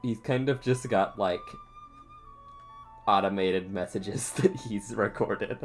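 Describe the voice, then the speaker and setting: Slow, halting male game master. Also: lowish voice, soft background music. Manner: halting, full of fillers and laughs. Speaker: dungeon master. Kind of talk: narrating a tabletop game.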